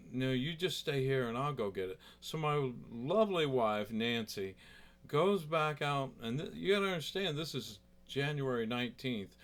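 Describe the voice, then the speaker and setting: A man who plays guitar tells a story in a loose, chatty way. His voice sits at an ordinary middle pitch, and he drifts through fillers and asides as he goes. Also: fairly bright tone. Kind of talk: casual storytelling.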